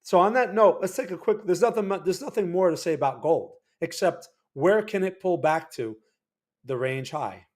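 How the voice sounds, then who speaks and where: A man's voice: sits high, animated, normal speed, darkish tone. New Jersey man talking through charts. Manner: loose, conversational, frequent restarts and "right?" check-ins. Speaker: market analysis livestream host. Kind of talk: casual livestream chart commentary.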